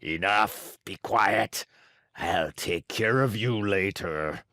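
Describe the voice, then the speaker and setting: A man voicing a huge, fearsome male puppet-theater director who speaks slowly and menacingly, like an ogre with a cold. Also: sits low, sharp tone, no room sound, studio quality, full character voice. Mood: stern. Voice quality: ogre's voice with a cold.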